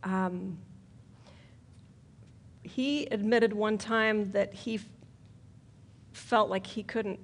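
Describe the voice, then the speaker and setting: A woman speaking to a church group, leading questions and comments in a relaxed, self-deprecating way. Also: mid-range voice, drawn-out words, long pauses. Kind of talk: church talk with audience questions.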